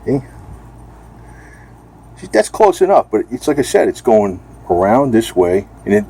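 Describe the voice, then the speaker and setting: A man's voice: lowish voice, dark tone, breathy edge. A man talking casually and bluntly in a rambling home video, now and then speaking to his cat. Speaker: vlogger.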